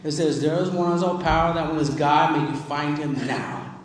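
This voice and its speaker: A man's voice: on the high side, fairly even intonation, normal speed. A man from New York giving an emphatic, humorous recovery talk to a live audience at a convention. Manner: emphatic, repetitive, humorous storytelling. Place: large convention hall. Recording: far-off mic in an echoey hall.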